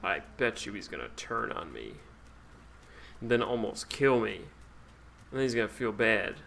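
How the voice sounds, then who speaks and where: Gravelly, grumbling male game streamer. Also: lowish voice, sing-song, measured pace, a bit bright, slight background noise. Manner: sarcastic, profane, grumbling at the game. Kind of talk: casual let's-play commentary.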